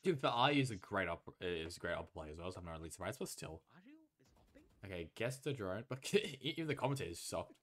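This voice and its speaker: A man streams himself watching an esports match and comments live, breaking into loud, exasperated rants and swearing when frustrated. His voice is low, very animated and brisk.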